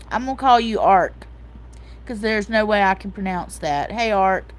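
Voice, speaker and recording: A woman's voice: mid-range voice, expressive, normal speed. A woman in her forties hosting a livestream, chatting casually and emotionally, often saying "like" and "um" and reading out comments from her live chat. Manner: soft-hearted, emotional, reads out chat comments; repeats herself, fillers like "like" and "um". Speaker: livestream host.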